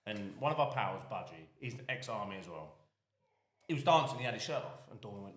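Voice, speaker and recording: A man's voice: on the low side, big pitch swings, fairly quick. A man with an English accent telling rowdy stories in casual chat, laughing and swearing as he goes. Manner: swearing storyteller, laughing through anecdotes. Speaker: guest. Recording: echoey room.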